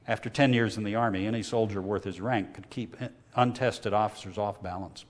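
A man reading a novel aloud in a measured, steady way, lifting his voice when characters shout. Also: lowish voice, long reverb tail. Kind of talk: audiobook reading.

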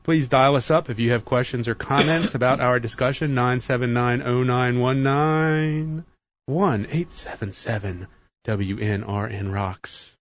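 A man's voice: mid-range voice, unhurried. A man hosting a morning radio talk show, chatty and joking as he gives the call-in details. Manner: chatty, joking, reads station call-in info. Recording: dull lo-fi radio broadcast.

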